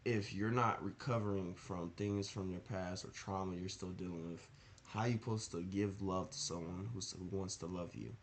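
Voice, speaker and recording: A young motivational vlogger rambles earnestly through casual advice, frequently posing rhetorical questions. His voice sits low with fairly even intonation at a moderate pace, and there's a little hiss or hum in the recording.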